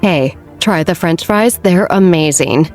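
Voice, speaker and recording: A carefree, eager teenage girl with a blunt, loud way of talking, as a woman reads her in an audiobook. Faint music runs under the storybook reading. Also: lowish voice, a little slow, lightly acted. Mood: excited.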